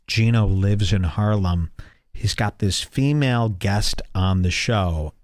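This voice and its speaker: A man's voice: fairly low pitch, slow, darkish tone, no echo, clean studio sound. A middle-aged man hosting a podcast, giving crude comedic commentary and mocking people by putting on voices for them. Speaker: podcast host.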